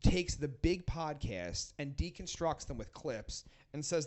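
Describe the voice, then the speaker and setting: A man's voice: on the high side, lively intonation, a little slow, darkish tone. A man guest on a podcast, telling rambling, profanity-laced stories in casual chat. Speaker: podcast guest, rock band frontman.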